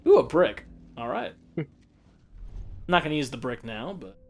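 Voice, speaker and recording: With a sing-song lilt, vocal fry, and a medium pitch, this young man keeps a measured pace. He's a let's play commentator who laughs a lot, cracks jokes, giggles, and offers tips while playing.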